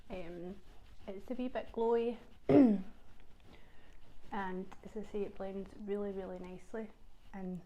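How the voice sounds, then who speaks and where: A Scottish woman chatting casually to camera for her vlog, her voice sitting at an ordinary middle pitch. She talks in a loose, chatty way, leaning on fillers and doubling up words for emphasis. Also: fairly even intonation, slow, long pauses, dark tone, slight background noise. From Scotland. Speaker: vlogger.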